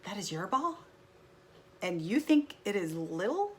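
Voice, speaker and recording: A woman's voice: mid-range voice, sing-song, measured pace, darkish tone. A woman voicing an anxious male elephant from a picture book, exclaiming in alarm. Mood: worried. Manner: exclaiming, startled.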